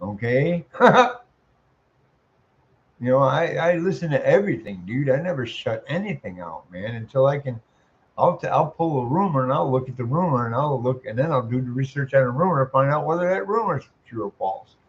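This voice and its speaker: A man in his sixties with a voice he calls squeaky, ranting bluntly and swearing a lot as he comments. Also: lively intonation, normal speed. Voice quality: self-described squeaky voice. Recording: muffled lo-fi audio.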